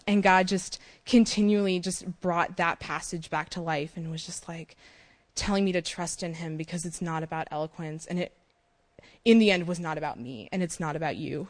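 A young woman giving a personal faith testimony, talking quickly and excitedly, laughing often, with many "like" and "um" fillers. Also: fairly low pitch. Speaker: short-term mission trip speaker.

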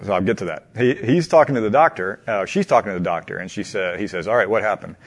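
A man telling a long anecdote to a small group in a casual, halting way, asking them questions along the way. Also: fairly low pitch. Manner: animated, halting, many restarts and laughs. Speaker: teacher leading a group discussion.

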